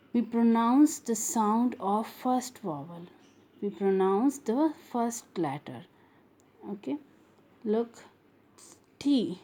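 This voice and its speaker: A woman's voice: mid-range voice, dark tone. A woman teaching a phonics lesson to young pupils, repeating each sound and word over and over.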